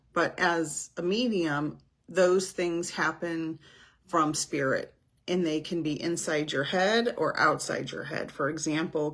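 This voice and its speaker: A woman, a psychic medium, chatting casually on a livestream, rambling with many pauses and fillers, with a slight headache from the heat. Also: on the low side, husky. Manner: slow, rambling, with many "um"s and greetings to viewers. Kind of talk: casual livestream chat with viewers. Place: indoors in Florida. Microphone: camera.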